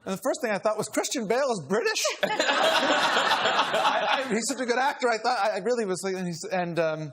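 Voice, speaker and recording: A man as an interview guest, telling a casual anecdote with self-deprecating chuckles and halting restarts. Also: extremely high pitch, lively intonation. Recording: noisy broadcast clip.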